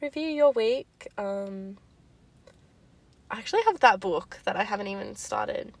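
A woman's voice: mid-range voice, expressive, measured pace, dry recording. A young woman talks casually as a podcast co-host, swearing lightly and laughing often. Her mid-range voice moves around animatedly. She is still getting over a lingering illness and is recording in a car. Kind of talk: casual chat.

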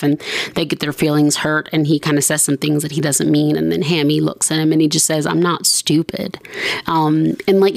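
A woman's voice: deep voice, vocal fry, dry recording. A woman hosting a podcast in casual chat, rambling and poking fun at herself with lots of fillers. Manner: rambling and self-mocking, many fillers. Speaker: podcast host.

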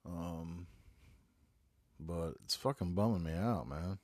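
This casual solo podcast monologue comes from a glum North Carolina host in his 40s who rambles, curses heavily, and fights a stuffy head cold. He sits low in pitch and takes it slowly, his tone a little mellow. He records on a phone in his back bedroom, with no room sound.

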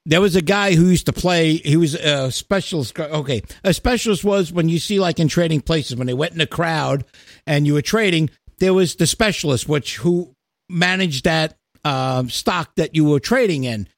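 A podcast host in his fifties tells a story in casual, profane chat, full of fillers. His voice sits fairly high and the sound is close and dry. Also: moderate pace, no room sound.

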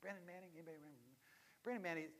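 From the pulpit, a pastor with a high, light voice tells a story at a very fast clip. His dramatic delivery swings from lively to hushed, weighty moments for emphasis, and his words echo long through the large church sanctuary.

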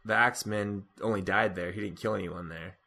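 A man's voice: on the low side, fairly even intonation, brisk, gravelly, sharp tone. A man co-hosting a casual podcast, discussing a TV episode and often restarting his sentences. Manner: hesitant, restarts sentences with repeated "I". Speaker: podcast co-host. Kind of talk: casual chat recapping a TV episode.

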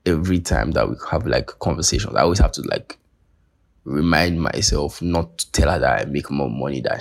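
Low, gravelly Nigerian man ranting. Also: darkish tone. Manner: profane, ranting, sarcastic. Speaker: podcast host. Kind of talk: casual monologue.

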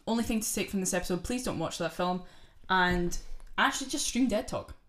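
A woman's voice: medium pitch, brisk, fairly bright tone. A young woman co-hosting a casual podcast, chatting and swearing as she retells a film with mocking put-on voices. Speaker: podcast co-host. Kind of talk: casual chat.

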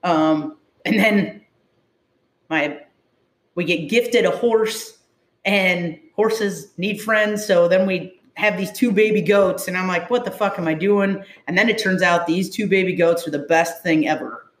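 A woman's voice: lowish voice, measured pace. A woman first responder tells her story to an interviewer in a candid, emotional way. She is blunt and swears freely. The sound rings around an echoey room.

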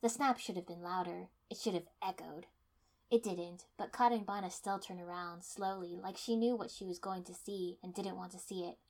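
A woman's voice: lowish voice, steady tone, normal speed. Woman narrating first-person fiction.

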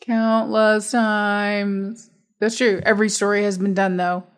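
A woman's voice: medium pitch, flat delivery, fast. Woman co-host, casual movie chat, talkative, laughs easily. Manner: chatty, laughs often, thinks aloud. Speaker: podcast co-host.

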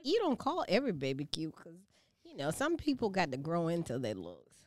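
Low-voiced laid-back woman. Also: huge pitch swings, fairly quick. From Savannah, Georgia. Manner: laid-back, teasing, many fillers. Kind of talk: casual chat.

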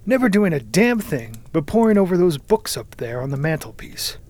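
Brash young cavalry officer, hearty and teasing, raised pitch, read by a male narrator. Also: big pitch swings, moderate pace, darkish tone, a little hiss or hum. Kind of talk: audiobook character reading.

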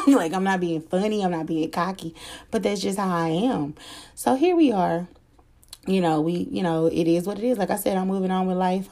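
Candid, slangy woman with a mellow voice. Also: lowish voice. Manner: candid, slangy, swears freely, laughs often. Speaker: vlogger telling a personal story. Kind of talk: casual storytime chat.

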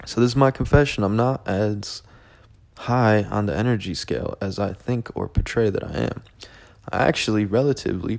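Gravelly low-voiced man rambling profanely. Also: darkish tone. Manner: profane, self-mocking, rambling. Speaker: podcast host. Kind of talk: rambling solo podcast monologue.

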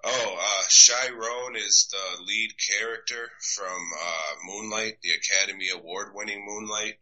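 A deep-voiced American man in his thirties hosts a casual podcast chat in a sharp tone, being crude and mocking and swearing freely. He acts out the voices of people he quotes, and the audio sounds dull.

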